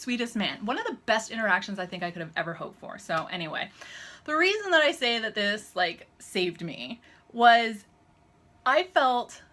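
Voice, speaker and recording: Woman in her thirties from Canada, bright voice, chatty vlogger storytelling straight to camera. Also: mid-range voice. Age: 30s. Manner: chatty, animated, acts out quoted dialogue.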